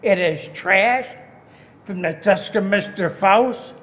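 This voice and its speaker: A man's voice: high-pitched, slow, a bit bright. A man giving a heated, accusing public comment at a city council meeting. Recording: echoey council chamber.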